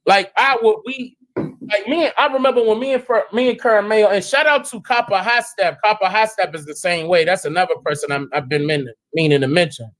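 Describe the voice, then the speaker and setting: A man with a notably high speaking voice hosts a casual live stream. He talks in loose slang, stumbling and restarting, and often leaps up into excited, incredulous exclamations. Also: fairly quick.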